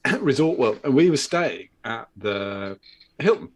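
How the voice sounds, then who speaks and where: A man's voice: mid-range voice, a little slow, slightly rough. A British man hosting a casual show, telling stories with lots of swearing and acted-out voices. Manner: animated storyteller, swears a lot, acts out voices. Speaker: podcast host. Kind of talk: casual pub-style chat.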